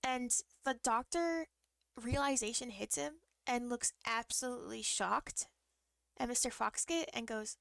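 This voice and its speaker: A woman's voice: fairly high pitch, unhurried, gravelly, a bit bright, dry recording. A woman streamer chatting casually as she tells a personal story, with frequent ums and bursts of laughter.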